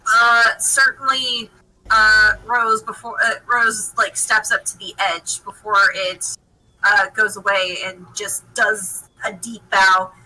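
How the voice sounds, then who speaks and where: A woman's voice: mid-range voice, little pitch movement, takes it slowly, pushed and bright, rough recording. A woman player describing her character's actions in a tabletop game, hesitant and full of fillers.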